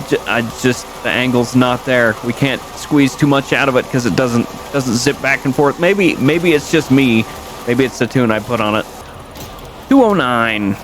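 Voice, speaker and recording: A young man giving casual, rambling commentary over a car video game, correcting himself often and jumping up in pitch when something surprises him. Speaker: gaming YouTuber.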